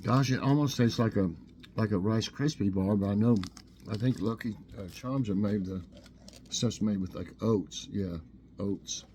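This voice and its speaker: A man's voice: lowish voice, normal speed, slight background noise. A man hosting a casual snack review show, chatting easily and eating as he talks. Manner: relaxed, chatty, eats while talking.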